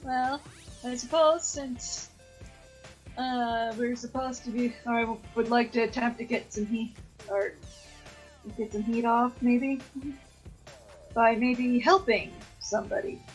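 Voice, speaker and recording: Woman player at the game table, talks slow, kinda hesitant and giggly. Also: on the high side, fairly even intonation, faint music behind, low-quality recording. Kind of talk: casual chat at a game table.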